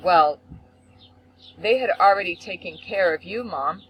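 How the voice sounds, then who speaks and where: Expressive woman hosting a faith talk show. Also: a little slow, a little hiss or hum, poor audio. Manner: expressive, acts out quotes with big pitch swings. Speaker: host. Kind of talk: animated storytelling.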